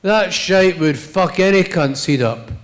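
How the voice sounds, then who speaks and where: A man's voice: high-pitched, a little slow. A middle-aged man with a Scottish accent giving a live reading of his fiction in a blunt, profane, swaggering first-person voice.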